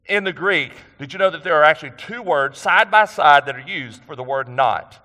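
A man's voice: fairly high pitch, animated, normal speed, sharp tone, in a large hall. A man preaching a sermon in a conversational way, asking the congregation questions and repeating phrases for emphasis. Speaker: pastor.

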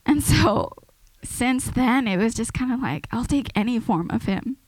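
A woman's voice: on the high side, expressive, unhurried, a little mellow, dry recording, rough recording. A woman giving an informal, earnest sermon to a church, talking conversationally and often restarting her sentences. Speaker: preacher.

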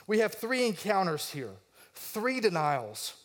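A high-voiced man delivers a sermon, working through a passage verse by verse. He acts out the quoted lines with rising intensity and pauses to ask his listeners questions. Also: very animated. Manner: asks the congregation questions. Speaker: pastor.

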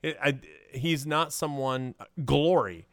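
Male podcast co-host of middle pitch, thoughtful and explanatory, recorded dry and close. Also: a bit bright, no echo. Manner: measured, explanatory, with hesitations. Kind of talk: casual movie chat.

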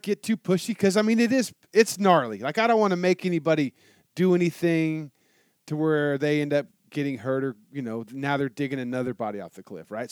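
A man telling a motorcycle story in casual chat, animated and swearing a lot. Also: fairly high pitch, smooth, no echo, clean studio sound. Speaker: guest telling a travel story.

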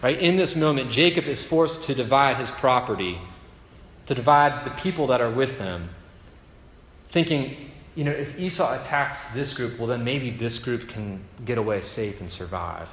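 Male preacher, mid pitch, storytelling sermon, long hall reverb. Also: lively intonation, moderate pace, a bit bright, slight background noise. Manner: storytelling, conversational with rhetorical asides. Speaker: pastor.

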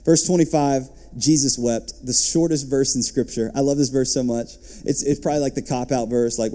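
A man as pastor, preaching a sermon and reading scripture, lifting his voice and dropping to soft asides. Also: medium pitch, steady tone, moderate pace, few pauses.

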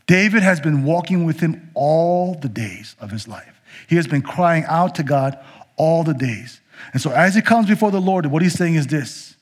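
A man preaching a sermon, earnest and expressive, slowing down to stress key phrases. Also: a little high. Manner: earnest, expressive, slows for emphasis. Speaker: pastor.

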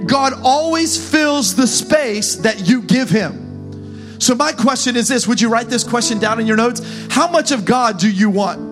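A man preaching a sermon as pastor, talking the crowd through points and rising into fervent, shouted calls. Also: very high-pitched, a little slow, music in the background.

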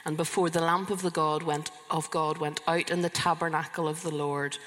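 A woman's voice: low-pitched, little pitch movement, moderate pace, a bit bright. A woman in her fifties preaching a sermon to a live congregation. She talks in an earnest, conversational way and often restarts her sentences. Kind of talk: sermon with personal testimony. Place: church hall, live congregation. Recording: long reverb of a large hall.

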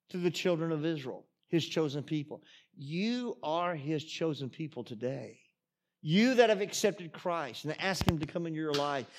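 A middle-aged man, preaching a sermon in a folksy, storytelling way and reading scripture with rising emphasis. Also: on the high side. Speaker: pastor.

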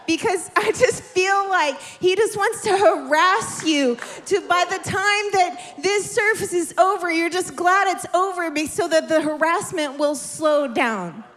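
High-voiced woman preaching with passion. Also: unhurried, hardly any pauses. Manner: impassioned, repetitive, building to shouts. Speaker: preacher giving prophetic words. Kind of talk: charismatic sermon. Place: church service in a warm room.

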